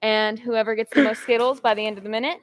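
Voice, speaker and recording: Upbeat young woman host, high voice, casual game emcee. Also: steady tone, fast. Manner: upbeat, cheers players on. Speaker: host running a campus game.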